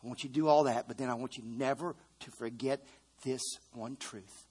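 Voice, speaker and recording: A man's voice: medium pitch, fairly even intonation, a little fast, a little mellow, slightly rough. A middle-aged man preaching a fervent sermon. He calls out to the congregation and repeats phrases for emphasis. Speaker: pastor.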